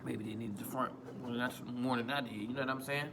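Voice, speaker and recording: A man's voice: medium pitch, steady tone, quick pace, background noise. A man vlogging a casual storytime on a phone, rambling, repeating himself and swearing freely. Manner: rambling, profane, self-repeating.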